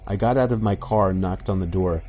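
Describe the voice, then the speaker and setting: Low-voiced man narrating a horror story. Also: a little fast, darkish tone. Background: faint background music.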